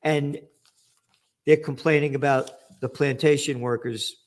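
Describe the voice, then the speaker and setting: A man's voice: a little high, steady tone, a little slow. Angry older man ranting profanely. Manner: angry, profane, emphatic ranting with sarcastic mock quotes. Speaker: trends forecaster hosting a news commentary. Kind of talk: ranting news commentary.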